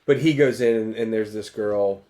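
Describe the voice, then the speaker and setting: A man's voice: lowish voice, normal speed, mellow. Easygoing man in casual chat. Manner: easygoing, recounts comedy scenes. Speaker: podcast co-host.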